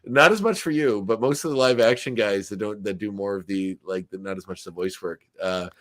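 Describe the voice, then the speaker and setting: A podcast host from Nova Scotia with a fairly low voice talks with easy enthusiasm. He keeps the interview chatty. The sound is dry. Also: no echo. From Nova Scotia, Canada. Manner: enthusiastic and conversational, listing shows quickly. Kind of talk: casual interview chat.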